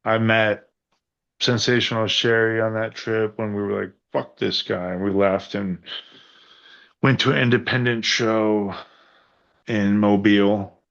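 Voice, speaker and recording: A man on a podcast as a guest wrestler, telling rambling, profane stories in a casual, animated way. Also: lowish voice, measured pace, long pauses, lo-fi sound. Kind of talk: casual storytelling chat.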